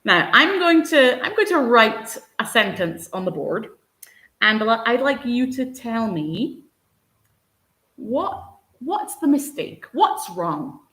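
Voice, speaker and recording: A woman's voice: on the high side, sing-song, slow pace, fairly bright tone. A woman teaching English in a live online lesson, patient and encouraging, answering viewers by name. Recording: roomy echo.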